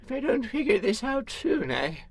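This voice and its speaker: A man's voice: very high voice, very animated, husky, no echo, full character voice. A man voicing a frail, winded old male retiree who halts and trails off. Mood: weary. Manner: halting, trailing off.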